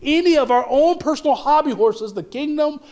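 Preaching at normal speed, this pastor is expressive and passionate, his sermon swinging from booming statements to hushed lines, with frequent stumbles and restarts.

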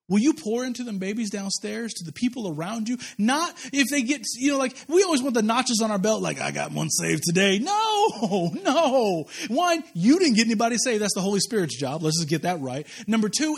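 During a church service, a pastor from Kansas, USA, preaches a sermon that mixes humorous personal stories with repeated rhetorical questions. His voice sits high and sounds husky, with vocal fry.

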